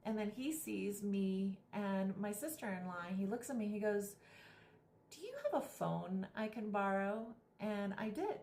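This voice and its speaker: Animated woman telling a story in an echoey room. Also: mid-range voice, a little slow, a little hiss or hum. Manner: animated storyteller, acts out quotes. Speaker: vlogger, spiritual guide. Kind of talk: storytelling vlog.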